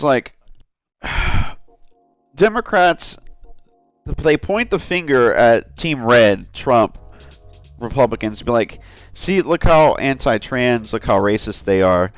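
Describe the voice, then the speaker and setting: A man's voice: mid-range voice, clear, resonant tone, dry recording, muffled recording. A man hosting a casual commentary vlog, talking in a rambling, earnest way and often calling his viewers "guys.". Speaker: channel host.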